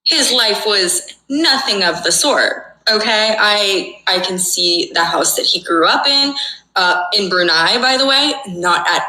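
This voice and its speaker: A woman's voice: medium pitch, lively intonation, a little slow, bright, forceful tone, reverberant, poor audio. A young woman telling a dramatic personal story, emphatic and swearing, often checking in with "okay?". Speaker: storyteller in a played clip.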